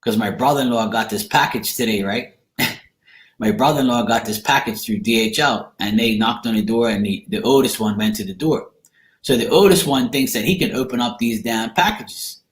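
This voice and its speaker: A man's voice: medium pitch, moderate pace. A man chatting casually to camera, rambling and blunt, with casual swearing. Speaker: tarot reader. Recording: echoey room.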